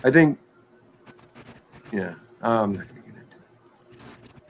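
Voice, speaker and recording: Hosting a livestream, a man with a fairly low, expressive voice chats casually while reading viewer comments. He takes his time and pauses often, joking, playing with words, and laughing a lot.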